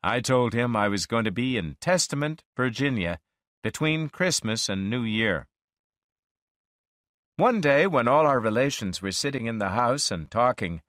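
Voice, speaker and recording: Man reading a story slow and clear, lively pitch, dry sound. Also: no room sound. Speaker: story reader. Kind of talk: slow storybook narration for learners.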